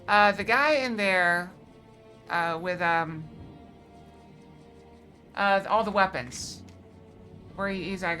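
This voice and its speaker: A woman's voice: mid-range voice, takes it slowly, pauses often, sharp tone, faint music behind. A woman with a slight Southern American accent, chatting casually and playfully with her viewers while she plays a game, full of fillers and teasing. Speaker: streamer. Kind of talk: casual live-stream chat while gaming.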